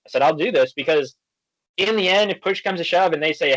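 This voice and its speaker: A man's voice: a little high, quick pace, no room sound. Man telling stories on a lo-fi podcast. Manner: storytelling, animated, acts out quoted exchanges. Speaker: podcast guest. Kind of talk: casual chat.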